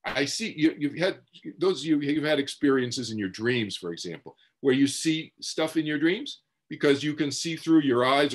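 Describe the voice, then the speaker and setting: A man's voice: medium pitch, fairly bright tone. A man giving a talk as a meditation teacher, telling a personal story in a conversational way, full of "you know" asides and restarts. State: moved to tears at points. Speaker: speaker on past-life memories and meditation teacher.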